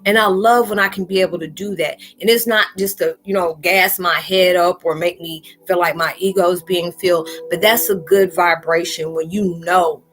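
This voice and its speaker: A woman's voice: lowish voice, steady tone, normal speed, few pauses, a bit bright, soft background music. A spiritual vlogger talking casually and loosely to her viewers, repeating "you know" as she goes. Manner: chatty, loose, talks straight out with lots of "you know".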